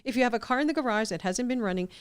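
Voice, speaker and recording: A woman's voice: fairly high pitch, rapid-fire, clear, resonant tone. A woman hosting a podcast, asking friendly questions and echoing her guest's answers. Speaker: podcast host. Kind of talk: casual interview talk. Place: podcast studio.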